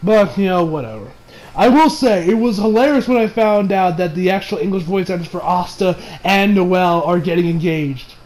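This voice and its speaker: A man's voice: sits high, animated, moderate pace, darkish tone, rough recording. A young man casually reviewing an anime episode, rambling, swearing and often breaking into laughter.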